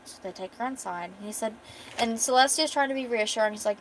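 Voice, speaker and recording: Chatty streamer girl, kinda high voice, laughs a lot, faint hiss behind. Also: a little fast, fairly bright tone, low-quality recording. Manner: chatty, laughs often, swears casually. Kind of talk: casual storytelling on a cozy stream.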